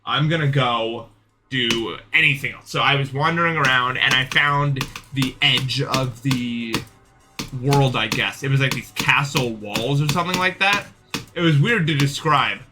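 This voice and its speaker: A man's voice: medium pitch, measured pace. A young man streaming, telling a long dream in casual chat, rambling with many fillers and restarts. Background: background music.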